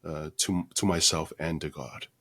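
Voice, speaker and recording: A man being interviewed as a podcast guest, talking in a measured, earnest way with frequent pauses. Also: very deep voice, fairly even intonation, fairly bright tone, husky. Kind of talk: reflective interview conversation.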